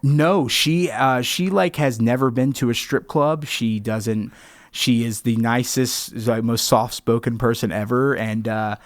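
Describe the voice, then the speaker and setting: A man's voice: medium pitch, measured pace, dry recording. A man talking as a guest on a podcast, telling rambling stories in a casual chat. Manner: rambling, animated storyteller.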